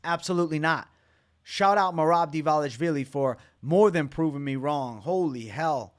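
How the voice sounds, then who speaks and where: Male fight-show host with a slightly higher voice. Casual, profane, opinionated breakdown, worn out at an early hour. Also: normal speed. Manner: loose, opinionated, swears freely. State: tired, up very late. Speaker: MMA reaction channel host.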